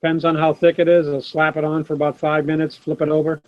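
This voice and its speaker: A middle-aged man hosts a live sports card stream from his home desk, chatting casually and answering viewers by name. His voice is a little high and monotone, and he talks fast. The laptop's built-in camera mic gives a dull, dry sound.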